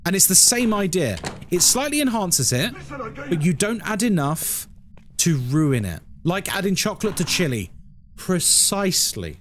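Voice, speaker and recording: A man's voice: high-pitched, sing-song, moderate pace, fairly bright tone, a little hiss or hum. A British man chatting casually on a live stream, wry and sarcastic as he answers his chat. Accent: British English. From Britain.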